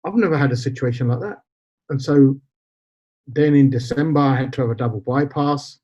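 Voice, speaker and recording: As a podcast guest, a man in his forties relates a personal story in a mellow, mid-range voice, moving a little fast. He acts out dialogue and weaves in Punjabi phrases, and the lo-fi audio comes across slightly dull.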